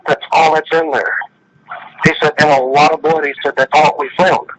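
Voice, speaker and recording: Man, casual phone-in storyteller, slightly higher voice, forceful delivery, plainspoken. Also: flat delivery, moderate pace, rough recording. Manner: plainspoken, retells dialogue with many "he said"s. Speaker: guest storyteller.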